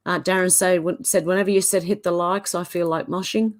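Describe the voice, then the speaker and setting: Brief Australian female stream host, slightly low voice, reads chat comments and reacts briefly. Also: fairly even intonation, a little fast. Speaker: livestream host. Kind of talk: reading live chat comments aloud.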